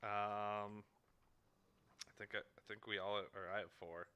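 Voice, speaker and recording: A man co-hosting a casual movie review podcast, laughing often and loudly acting out film quotes. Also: fairly low pitch, little pitch movement, unhurried, smooth. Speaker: podcast co-host.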